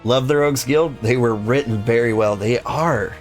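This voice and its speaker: A man's voice: mid-range voice, moderate pace, soft background music. A man casually commenting on a game between dialogue readings, with playful joking asides. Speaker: let's play host.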